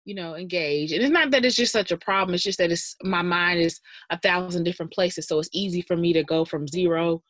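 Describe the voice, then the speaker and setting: A woman's voice: on the low side, fairly quick, few pauses, a bit bright, no room sound. A woman co-hosting a casual podcast, informal and joking, often trailing off mid-thought. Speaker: podcast co-host.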